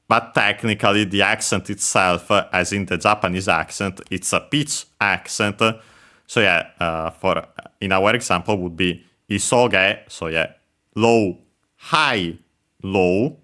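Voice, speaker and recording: A man's voice: low-pitched, measured pace, sharp tone. A man teaching Japanese while playing a video game, hesitant and full of filler words and self-corrections. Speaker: Japanese language teacher streaming gameplay.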